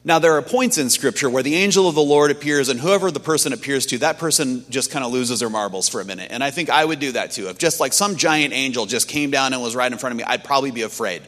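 A man preaching a sermon in a conversational, animated storytelling manner, acting out quotes from the stories he tells. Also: mid-range voice, fast talker, few pauses. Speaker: pastor. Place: church sanctuary. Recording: long hall reverb.

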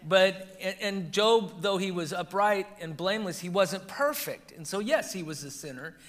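A man who is a pastor, teaching a Bible study and telling lively stories with a laugh. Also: high-pitched, moderate pace. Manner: animated storytelling, laughs at his own anecdotes. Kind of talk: teaching and discussion.

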